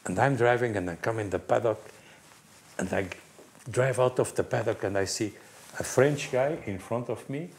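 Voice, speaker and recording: A man's voice: medium pitch, moderate pace, a little mellow. A middle-aged man, a team manager, telling stories in a casual panel chat, acting out the people he quotes and laughing often.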